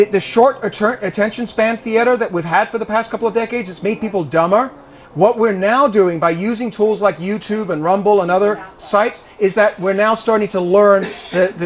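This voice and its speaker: A man's voice: high voice, a little hiss or hum. A man in his fifties answering audience questions in a conversational way, often repeating words as he starts a sentence. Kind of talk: speech with audience Q&A. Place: living room of a private home with an audience.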